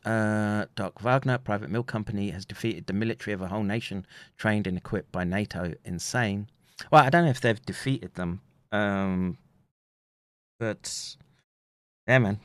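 A man's voice: lowish voice, dry recording. An English man hosting a casual livestream, rambling, chuckling between remarks and reading viewer comments aloud. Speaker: livestream host reading chat.

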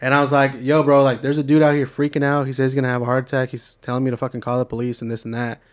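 In a casual storytelling chat, a young adult Bay Area man talks very fast at medium pitch, with little pitch movement. His delivery is laid-back and slangy, with lots of swearing.

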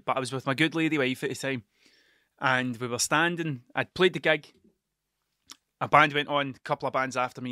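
A man's voice: fairly high pitch, sharp tone, no room sound, clean studio sound. A middle-aged man with a Scottish accent, telling a rambling, sweary story in a casual monologue. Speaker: vlogger, musician.

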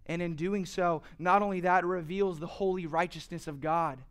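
A man's voice: high-pitched, fairly even intonation, normal speed, clean tone. A man preaching a sermon earnestly, asking rhetorical questions and building to emphatic passages. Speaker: pastor.

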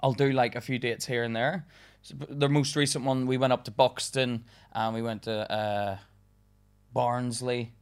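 A young Englishman with a medium-pitched, smooth, steady voice speaks at a moderate pace. He's a stand-up comedian guesting on a podcast, chatting casually, laughing often, and swearing as he rambles through stories.

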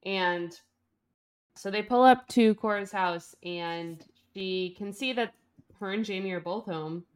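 A woman's voice: mid-range voice, slow, smooth. A woman co-hosting a podcast, casually retelling a book's scenes and quoting the characters as she goes. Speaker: podcast co-host. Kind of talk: casual book recap.

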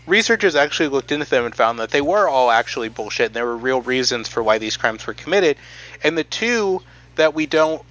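Bright-voiced man, halting podcast host. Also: medium pitch, highs cut off. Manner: halting, many ums, reading quotes aloud. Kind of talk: casual podcast chat.

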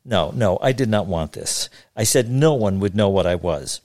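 A man telling a wry story from his childhood in an unhurried way. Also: on the low side, a little mellow, no room sound, studio quality. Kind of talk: told memoir story.

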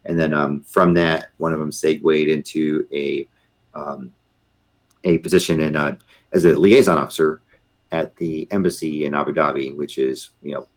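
A man's voice: very deep voice, steady tone, normal speed. A middle-aged man, a former Marine officer, telling a story in a casual interview and acting out the voices of the people in it. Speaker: podcast guest, retired Marine officer.

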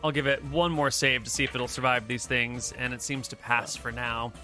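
A man acting as game master, narrating a tabletop game over an online voice call in a relaxed, joking way with long run-on sentences. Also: medium pitch, normal speed, soft background music.

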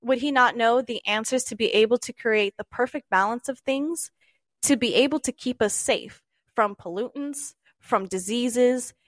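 A woman's voice: fairly high pitch, dry recording. A woman co-hosting a podcast, arguing her point in a casual debate and explaining at length, tripping over words now and then. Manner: argumentative, explains at length with stumbles. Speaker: podcast co-host.

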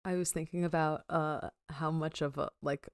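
A woman's voice: low-pitched, fairly even intonation, normal speed, dry recording, studio quality. A young woman co-hosting a podcast in casual chat, giggly and chatty with lots of fillers. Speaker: podcast co-host.

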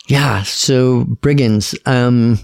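A middle-aged man, a podcast guest, telling stories in a relaxed, casual way and quoting other people's lines. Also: mid-range voice, very slow, vocal fry, no echo, studio quality. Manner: laid-back storyteller, quotes others in dialogue. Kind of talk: casual storytelling.

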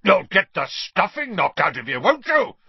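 A man's voice: medium pitch, very animated, normal speed, husky, no room sound, lo-fi sound. A man voicing a blustering, bullying middle-aged uncle who snarls and bellows. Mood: bellowing.

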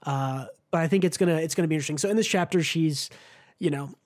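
A man's voice: fairly high pitch, fast talker, darkish tone. A man hosting a casual manga podcast, chatty, with many ums and restarts.

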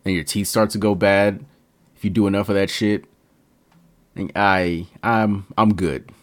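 Homme à la voix grave, animateur de podcast joueur, ton d'emcee. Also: male voice, on the low side, steady tone, unhurried. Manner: playful, dramatic emcee-style delivery, swears freely. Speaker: podcast co-host. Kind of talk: casual podcast chat.

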